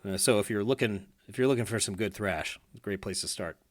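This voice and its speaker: A man's voice: lowish voice, brisk. Chatty male podcast host. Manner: chatty, laughs easily, many fillers and restarts. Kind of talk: casual podcast chat.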